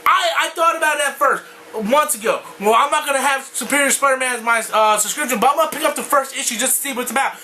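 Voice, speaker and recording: Very high-voiced man in a furious rant. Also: quick pace, a little hiss or hum, poor audio. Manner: furious, profane, bursts into shouting. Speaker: comic book vlogger. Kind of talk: angry video rant.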